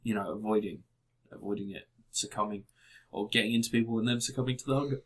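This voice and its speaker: A man with a lowish voice and quick pace co-hosts a podcast, chatting casually about a review in a blunt, sweary, rambling way.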